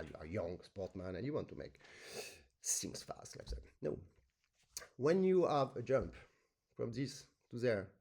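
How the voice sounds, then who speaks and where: Animated man teaching accordion. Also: mid-range voice, creaky, husky. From France. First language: French. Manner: animated, sings rhythms in syllables, non-native English phrasing. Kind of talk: masterclass teaching with sung demonstrations.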